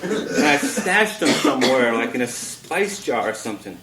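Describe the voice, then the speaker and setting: A man's voice: medium pitch, big pitch swings, moderate pace. A man performing a comic spoken-word monologue at a bookshop reading, drawling wryly and chuckling through his lines. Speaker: performance poet. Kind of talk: live spoken-word storytelling. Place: bookshop reading before an audience. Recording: roomy 1980s live recording with faint hiss.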